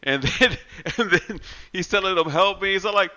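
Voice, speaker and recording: A man's voice: high-pitched, lively intonation, normal speed, sharp tone. A man co-hosting a casual horror movie podcast, swearing freely and acting out scenes in silly voices. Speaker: podcast co-host.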